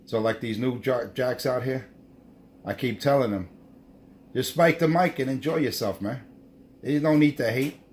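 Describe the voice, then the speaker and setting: A man's voice: mid-range voice, a little mellow, slight background noise. A man chatting over CB radio, repeating himself and tacking "man" onto his lines. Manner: drawn-out, repetitive, ends lines with "man". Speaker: CB radio operator. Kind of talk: on-air CB radio banter.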